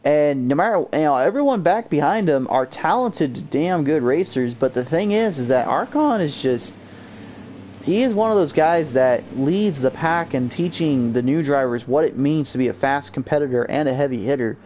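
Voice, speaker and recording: Young man, play-by-play race caller, higher voice, over a noisy stream mix. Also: moderate pace. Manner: energetic, jumps high on crashes. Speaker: race commentator. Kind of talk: excitable sim racing play-by-play. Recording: noisy amateur stream audio.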